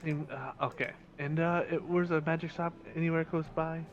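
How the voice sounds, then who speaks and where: A man playing a tabletop game, asking halting, hesitant questions. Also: a little high, steady tone. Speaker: player. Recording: dull lo-fi sound.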